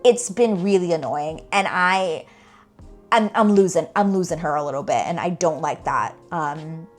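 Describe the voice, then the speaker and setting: Talking to camera about a TV show, this young reaction vlogger sounds exasperated and lively, leaning constantly on "like" and "girl." Her voice is on the lower side, her pace moderate, and faint music plays behind her.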